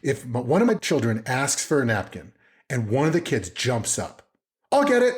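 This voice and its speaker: Male podcast host in his thirties; expressive, big pitch swings, casual and profane. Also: moderate pace. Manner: animated, swears freely, acts out what he says to his kids.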